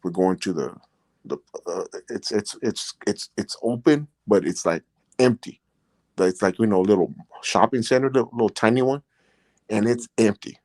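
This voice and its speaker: With no room sound around him, a middle-aged man speaks at a moderate pace in a fairly low, darkish voice. He hosts a podcast and spent time in prison, and he shares his own stories casually and ramblingly, relying on "you know" constantly and becoming heartfelt and emotional about his experiences.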